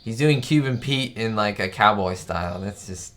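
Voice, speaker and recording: A man's voice: lowish voice, animated, normal speed, a bit bright, a little hiss or hum. A man hosting a live stream, chatting enthusiastically in a casual way and reading out viewer questions.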